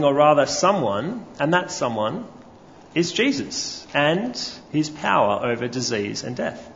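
Male preacher with a slightly high voice, storytelling sermon, dull lo-fi hall recording. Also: fairly bright tone, slight background noise. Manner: storytelling, asks the congregation questions. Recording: lo-fi recording with long hall reverb.

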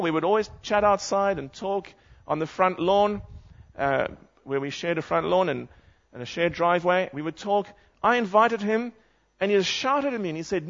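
An earnest man delivers a sermon in a fairly high voice. He reads scripture passages aloud and asks his listeners direct questions. The recording sounds muffled and lo-fi. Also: a bit bright. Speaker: preacher.

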